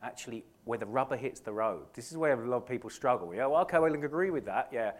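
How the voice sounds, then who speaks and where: British man, middle-aged pastor; earnest, animated sermon, mid-pitched, restarts and acted-out quotes. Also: quick pace. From Britain. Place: church.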